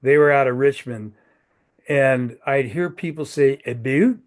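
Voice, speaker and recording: A man's voice: medium pitch, steady tone, unhurried. A man in his sixties hosting a networking group on a video call, folksy and joking, often repeating his words.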